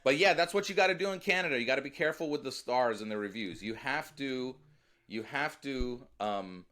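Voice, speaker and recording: American comedian guy riffing on a podcast, punchy and lively, talks right at his hosts. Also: mid-range voice, fairly quick. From United States. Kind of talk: comedic storytelling.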